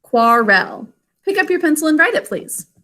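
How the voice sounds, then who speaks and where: A woman teaching an online spelling lesson to children, speaking slowly and clearly. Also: high-pitched, big pitch swings, pushed and bright. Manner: slow, clear enunciation for children.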